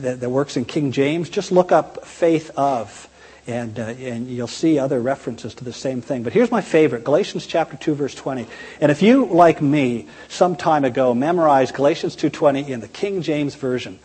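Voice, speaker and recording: A man's voice: medium pitch, mellow, slightly rough, big-room sound. A man preaching a sermon in a conversational, emphatic way, often posing rhetorical questions.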